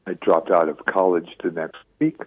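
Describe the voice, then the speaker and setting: A man in his seventies, a radio interview guest, telling stories with lively acted-out quotes. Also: low voice, moderate pace, no echo. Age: 70s. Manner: lively storyteller acting out quoted voices. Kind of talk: phone-in radio interview storytelling. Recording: tinny dry phone line.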